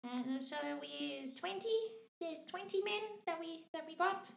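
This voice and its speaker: A woman playing a tabletop game, talking hesitantly with many pauses. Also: very high voice, gravelly, a bit bright. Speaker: player. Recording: roomy echo.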